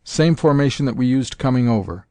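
Gruff fleet commander read by a male narrator, clipped orders, storybook reading, dry. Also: mid-range voice, animated, a little fast, warm tone, no room sound, close to an everyday voice. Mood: commanding. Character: male space fleet commander, blunt and brave.

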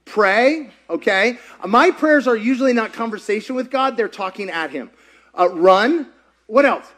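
A male pastor with a high voice that swings widely as he preaches. He talks in an animated, conversational way and keeps throwing questions out to his listeners. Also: measured pace. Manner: animated, conversational, quizzes the audience. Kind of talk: sermon.

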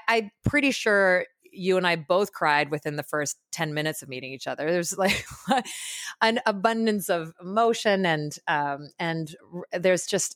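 Effusive woman podcast host, low voice. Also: no room sound, clean studio sound. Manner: effusive and warm toward her guest. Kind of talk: casual interview chat.

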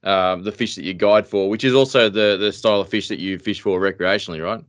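A man's voice: lowish voice, fast, dry recording. An Australian man hosting a podcast, talking in a laid-back, joking way with lots of fillers. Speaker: podcast host. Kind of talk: casual interview chat.

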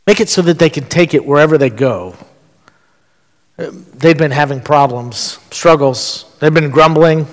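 A man's voice: a little high, moderate pace. A middle-aged man preaching a sermon as pastor, earnest and conversational, asking questions of the congregation. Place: church sanctuary. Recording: long church reverb.

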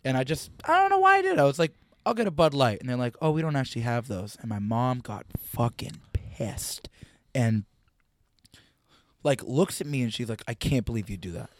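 A young man hosting a podcast, telling crude, animated stories in casual chat. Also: medium pitch, moderate pace, no echo. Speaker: podcast host.

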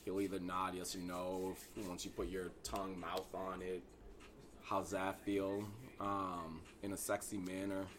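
A man's voice: low-pitched, monotone, measured pace, fairly bright tone, a little hiss or hum. A young man as a guest on a casual podcast, talking candidly and animatedly with many fillers.

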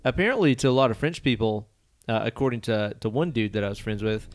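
Give me an American man co-hosting a podcast, animated and playful, swinging his pitch around. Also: quick pace. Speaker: podcast co-host. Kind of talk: casual chat.

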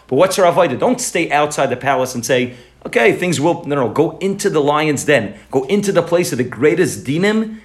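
Fast-talking emphatic man preaching. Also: a little high. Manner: animated and emphatic, repeating phrases. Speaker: rabbi giving a pre-holiday talk. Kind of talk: sermon with storytelling.

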